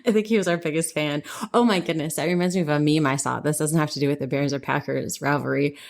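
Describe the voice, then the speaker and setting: A woman chatting casually as a podcast co-host. Her voice sits low. She wanders through her points, stops to correct herself and laughs along the way. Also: fairly even intonation, fast talker, creaky. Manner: rambling, self-correcting, laughs often. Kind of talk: casual chat.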